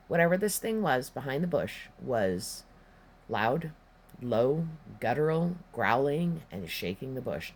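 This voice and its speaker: A man's voice: mid-range voice, a little hiss or hum. A man telling a personal story in a rambling, profane, emphatic way, with casual spoken delivery. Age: adult, past his teens.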